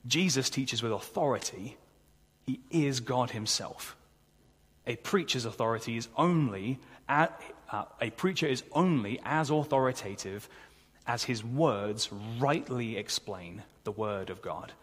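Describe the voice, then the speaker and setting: A man preaches a sermon in an earnest, conversational way, now and then asking the congregation to agree. His voice is somewhat husky. The sound rings with long reverb from the church hall. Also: mid-range voice, lively intonation, unhurried, a bit bright.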